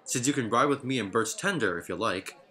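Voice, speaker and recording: A man voicing a steady, practical adult engine driver who speaks plainly. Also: mid-range voice, a little fast. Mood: matter-of-fact. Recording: narration over loud music.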